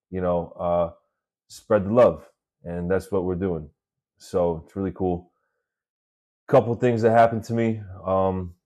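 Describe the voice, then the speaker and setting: A man with a low, mellow voice hosts his own podcast, swearing freely as he tells laid-back, chatty stories about his work week in New York City.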